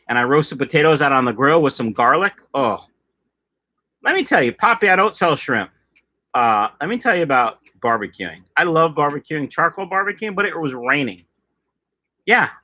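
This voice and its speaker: This middle-aged man's voice is fairly high and sharp, with lively intonation at a normal speed. He runs a casual fish-keeping livestream, chatting, joking over viewer comments, and drifting off topic.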